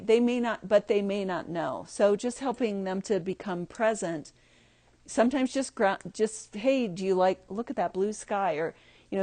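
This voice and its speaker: A woman leading a group workshop, talking haltingly with many fillers and frequent laughs. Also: medium pitch, dark tone, no echo. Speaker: workshop leader. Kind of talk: group discussion, teaching.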